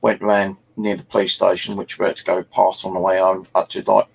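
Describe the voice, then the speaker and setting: A man's voice: low voice, little pitch movement, brisk, vocal fry, husky. A middle-aged man from England, telling rambling, sweary anecdotes as host of a casual chat. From South East England. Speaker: channel host.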